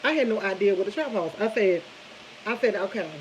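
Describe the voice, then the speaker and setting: A woman's voice: medium pitch, fairly quick, slight background noise, poor audio. A woman, chatting casually over morning coffee, rambling from subject to subject and retelling a long story. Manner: rambling, jumps between subjects, animated storytelling. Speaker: vlogger.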